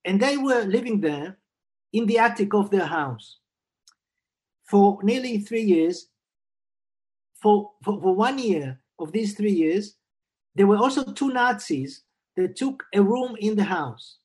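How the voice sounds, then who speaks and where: A man's voice: high-pitched, animated, darkish tone. Thoughtful man in his sixties telling a story. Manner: thoughtful, unhurried, with frequent repeated words. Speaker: psychiatrist and Jungian analyst. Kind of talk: reflective personal storytelling.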